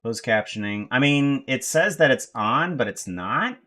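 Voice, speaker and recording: An American man streaming live, rambling to himself in casual chatter as he tries to fix his software. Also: mid-range voice, lively intonation. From United States. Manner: mutters to himself while fixing software, slow and rambling.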